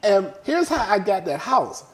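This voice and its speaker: A man's voice: sits high, unhurried. A middle-aged man, a guest in a casual interview, telling a story and acting out the quotes. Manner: animated storyteller who acts out quotes. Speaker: real estate guest.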